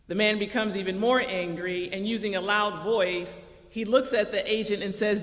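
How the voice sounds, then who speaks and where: A man's voice: high-pitched, steady tone, normal speed, few pauses, fairly bright tone. A man preaching a sermon as pastor, telling a story with acted quotes before turning to scripture. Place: church sanctuary. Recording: echoey church hall.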